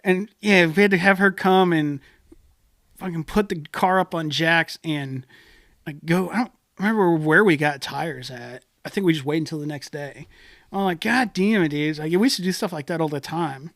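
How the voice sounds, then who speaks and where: A man's voice: fairly high pitch, moderate pace, no room sound, clean studio sound. A young man on a podcast, telling a wild story in casual talk, swearing and acting out the people he quotes. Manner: animated, swearing, acts out quoted voices. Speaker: podcast co-host. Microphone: studio podcast mic.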